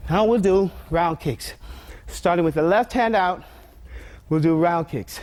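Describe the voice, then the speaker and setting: A man's voice: high-pitched, a little slow, a little mellow. A man teaching as a martial arts instructor, calling out drill commands and walking through step-by-step cues in an instructional demonstration.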